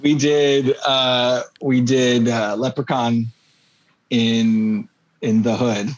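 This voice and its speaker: A man's voice: mid-range voice, little pitch movement, drawn-out words, no room sound, dull audio. A man co-hosting a podcast, teasing and cracking sarcastic jokes. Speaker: podcast co-host. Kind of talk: casual podcast banter.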